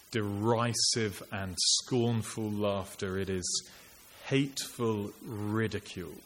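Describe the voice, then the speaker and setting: A man's voice: lowish voice, a bit bright. A man preaching a sermon in an earnest, reflective, conversational way, posing rhetorical questions to his listeners. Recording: long church reverb, faint hiss.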